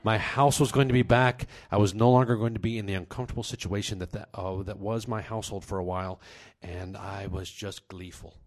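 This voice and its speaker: A man's voice: lowish voice, steady tone, a little fast. A man telling a comic personal story in a wry, self-deprecating way.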